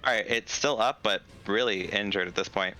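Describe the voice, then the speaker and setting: Man with a low, bright, clear voice, dungeon master, patient rules explanations, faint music behind. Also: normal speed. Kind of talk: running a tabletop game over voice chat.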